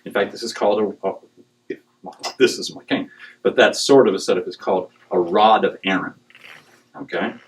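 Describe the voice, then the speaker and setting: A middle-aged man giving a humorous talk to a live audience, animated and joking, with digressions and acted quotes. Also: lowish voice, moderate pace, poor audio. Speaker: speaker on dowsing.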